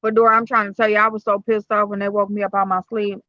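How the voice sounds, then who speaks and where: A woman's voice: medium pitch, level tone, fast, sharp tone, no echo. A woman, hosting a casual livestream at home, telling stories loosely with lots of fillers and cursing. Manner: loose, profane, storytelling with many fillers. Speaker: livestream host chatting with viewers. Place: at home, indoors. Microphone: streaming software on computer or phone. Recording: slightly dull lo-fi stream audio.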